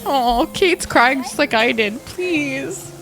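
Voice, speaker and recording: A woman streaming a game, chatting in a high, bouncy voice that leaps around in pitch. She sounds excitable and giggly and swears freely. Faint game music plays behind her. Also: slow. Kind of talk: live game-stream chat.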